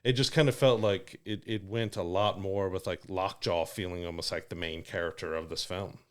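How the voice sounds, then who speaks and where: A man co-hosting a podcast, casually talking through a film in a relaxed, amused way. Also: low-pitched, normal speed. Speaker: podcast co-host. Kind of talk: casual film review chat.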